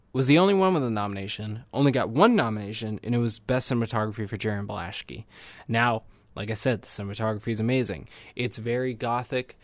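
A man's voice: mid-range voice, dry recording. Enthusiastic young man reviewing films. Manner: enthusiastic, rambling. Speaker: movie reviewer. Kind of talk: casual movie review.

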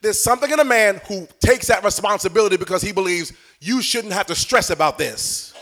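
A man's voice: high voice, a little fast, a bit bright. A middle-aged man preaching a live sermon in church, joking with and coaxing the congregation.

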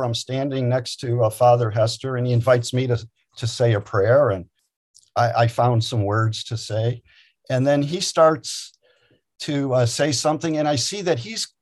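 A man, a chaplain and former emergency physician, telling a story in an earnest, measured, reflective way as an interview guest. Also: mid-range voice, darkish tone.

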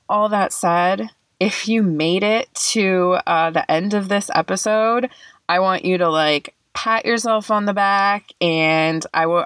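A woman's voice: fairly low pitch, fairly bright tone, clear, resonant tone, no room sound. A young woman hosting a reflective solo podcast, speaking earnestly and emotionally, tearing up, with many fillers. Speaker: podcast host.

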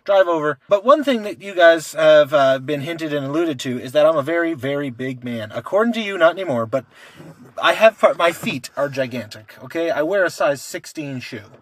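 A man with a somewhat high voice chats casually on a podcast. His stories ramble and he swears freely. The sound is dry and close, with no room echo. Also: lively intonation, normal speed. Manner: loose, rambling storytelling with frequent swearing. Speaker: podcast co-host. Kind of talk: casual chat.

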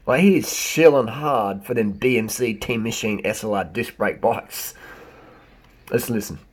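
A man, a bike shop owner, reacting to a clip with animated, sarcastic ranting. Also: on the low side, unhurried, slightly rough. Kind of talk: reaction commentary.

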